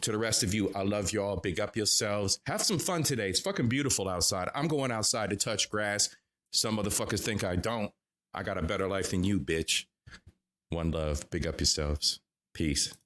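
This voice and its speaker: A man's voice: fairly low pitch, lively intonation, normal speed, a bit bright. A man vlogging a heated, profanity-heavy commentary, cursing and emphatic as he talks to his viewers.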